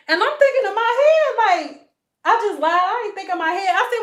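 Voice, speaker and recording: A hairstylist from telling a storytime vlog, animated and slangy, often slipping into other people's voices. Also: female voice, extremely high pitch, brisk, reverberant. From Detroit.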